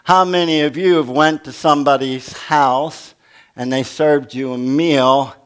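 A man's voice: a little high, fairly even intonation, unhurried, clear, resonant tone. An older man preaching a sermon as pastor, folksy and humorous, asking the congregation questions.

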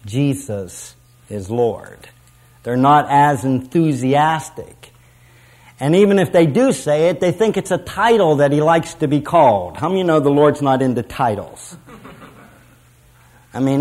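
A middle-aged man preaching a sermon with emphasis, circling back to repeat his key phrases. His voice sits a little higher than most men's. He slows on the lines he wants to land. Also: a little mellow.

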